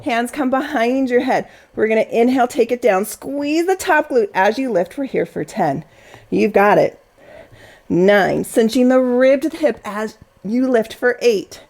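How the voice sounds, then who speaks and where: This Pilates instructor's voice is on the high side and expressive, a little slow, with a darkish tone. She leads her class through the workout, cueing movements and counting down reps in an encouraging way.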